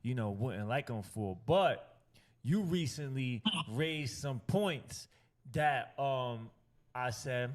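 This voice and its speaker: A man's voice: mid-range voice, normal speed. A man on an interview podcast, speaking hesitantly with repeated words and fillers. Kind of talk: interview talk.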